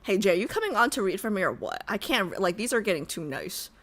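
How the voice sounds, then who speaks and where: A young adult woman streamer chatting casually and reading viewer messages, excitable, often stammering and restarting her sentences. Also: mid-range voice, fast talker. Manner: excitable, bursts into squeals and laughter, stammers and restarts.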